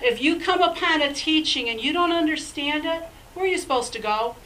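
A woman's voice: sits high, expressive, a little fast, a bit bright, far from the mic, a little hiss or hum, rough recording. A woman pastor preaching a sermon in an emphatic, conversational way, with chatty asides.

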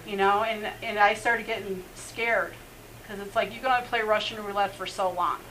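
Bright-voiced woman sharing her testimony. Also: mid-range voice, fairly even intonation, moderate pace, slight background noise, poor audio. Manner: earnest, laughs often, many "you know" fillers. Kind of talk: personal testimony in a faith interview.

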